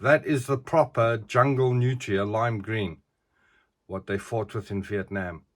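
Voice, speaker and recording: Slow-talking collector. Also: male voice, fairly low pitch, steady tone. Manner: chatty, tags sentences with "eh". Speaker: collector reviewing figures. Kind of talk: casual review vlog.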